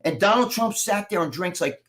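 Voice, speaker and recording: A man chatting casually on a livestream, telling animated, profanity-laced stories as co-host over a video call. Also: high-pitched, brisk. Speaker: show co-host.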